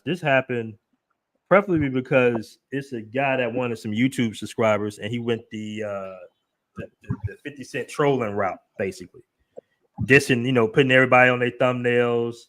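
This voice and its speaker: A man's voice: medium pitch, normal speed, a bit bright. A man hosting a live show, chatting casually in a loose, rambling, emphatic way. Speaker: host.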